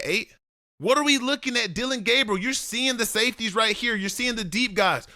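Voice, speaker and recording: A man's voice: sits high, pushed and bright, no echo, clean studio sound. Blunt football film breakdown man. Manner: blunt, lecturing, addresses the player directly.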